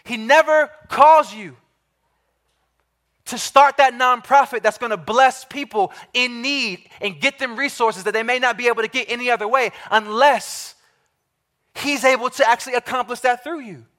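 A man preaching a sermon to his congregation, emphatic, repeating key phrases and slowing down to stress them, often asking the listeners direct questions. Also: extremely high pitch, bright, forceful tone. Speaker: pastor.

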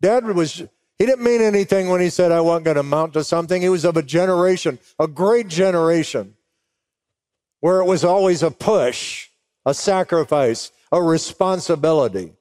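A man's voice: high-pitched, a little mellow, dry recording, studio quality. A middle-aged man preaching to pastors, telling an emotional story and acting out both sides of remembered talk. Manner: emotional storytelling, slows down for weight. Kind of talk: sermon.

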